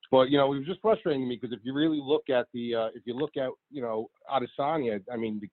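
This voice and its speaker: Quick-talking New man on the phone. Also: mid-range voice, no echo, phone-quality sound. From New Jersey, USA. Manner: earnest, talky analyst. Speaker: fantasy sports analyst guest. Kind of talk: casual chat, sports analysis.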